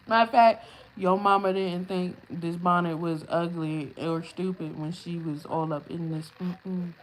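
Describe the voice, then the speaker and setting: A woman's voice: fairly low pitch, moderate pace. A woman hosting a casual livestream, answering trolls in chat with brash, profane comebacks and frequent laughter. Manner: laughs often while talking. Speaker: livestream host.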